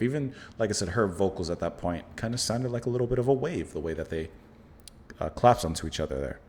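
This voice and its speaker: A man's voice: fairly low pitch, animated, quick pace, a little mellow. A man hosting a music reaction, thinking aloud as he breaks down song lyrics, with fillers and restarts. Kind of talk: album reaction commentary.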